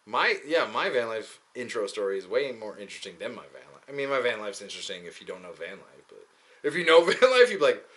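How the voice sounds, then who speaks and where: Young guy rambling and cursing, jokey, bouncy voice, bright tone. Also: on the low side, very animated, fast. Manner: profane, joking, goes into mocking quoted voices. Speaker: podcast host. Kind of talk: casual rambling monologue.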